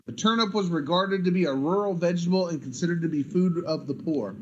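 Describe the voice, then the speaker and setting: A man's voice: high voice, brisk, darkish tone, dull audio. Rambling man with a lightly raised voice. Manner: rambling, leans on repeated fillers and false starts. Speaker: podcast co-host. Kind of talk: casual chat.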